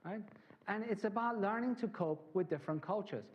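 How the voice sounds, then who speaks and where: A man's voice: high voice, normal speed, muffled recording. A man from England, giving a conversational conference talk full of anecdotes and asides to the audience. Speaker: conference speaker.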